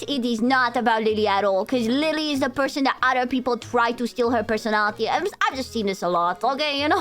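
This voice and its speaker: A woman's voice: sits high, fairly bright tone. A young woman from Romania, a streamer, chatting casually on a live stream in a rambling, playful way and swearing at times.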